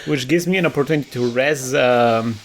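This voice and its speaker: Gravelly-voiced man commentating a card game. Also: medium pitch, brisk, a little hiss or hum. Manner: chatty, laughs often, restarts mid-word. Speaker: player commentating his own game.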